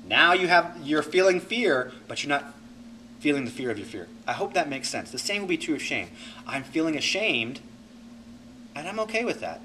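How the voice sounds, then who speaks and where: A fairly high, bright male voice that rises and falls with lots of life as he teaches. He coaches a class with a reflective, animated manner and sometimes acts out the thoughts he describes. He sounds set back from the mic, with faint noise behind him. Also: normal speed, far from the mic, rough recording.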